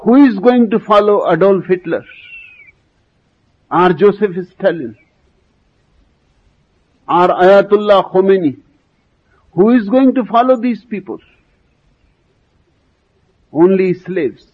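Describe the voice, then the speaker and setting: A man giving a spiritual talk, slow and emphatic, asking rhetorical questions. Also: sits high, animated, breathy edge, lo-fi sound. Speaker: spiritual teacher. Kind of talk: lecture.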